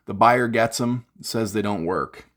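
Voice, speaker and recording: Guy, lowish voice, vlog rant, fed-up, talks in loops with lots of ums. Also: a little slow, fairly bright tone. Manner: exasperated, rambling, many fillers and restarts. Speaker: gear vlogger.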